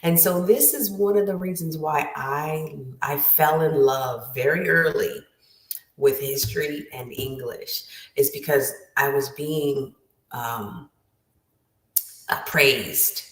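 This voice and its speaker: A woman's voice: sits low, slow pace. A woman writing coach giving an emphatic motivational lesson, repeating her key phrases. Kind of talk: motivational teaching talk. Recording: roomy, distant from the mic.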